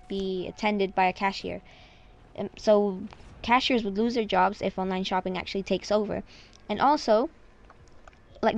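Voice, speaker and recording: A woman's voice: medium pitch, highs cut off. A woman talking casually in a vlog, chatty and full of "like" fillers. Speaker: vlogger.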